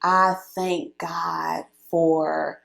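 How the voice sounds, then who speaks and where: A woman in her late thirties, a guest in a relaxed conversation, tells her story very slowly. Her slightly low voice has a gravelly, fried texture, and she speaks animatedly with frequent laughs and fillers.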